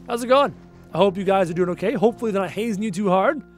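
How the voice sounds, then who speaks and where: A man with a fairly high voice chats through a late-night gaming stream from home. He sounds tired and rambles on, often letting his phrases fade away. Soft music plays quietly underneath. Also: quick pace. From Canada. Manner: chatty and rambling, trailing off quietly at phrase ends. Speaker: gaming livestreamer. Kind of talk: casual livestream chat, reading viewer comments aloud.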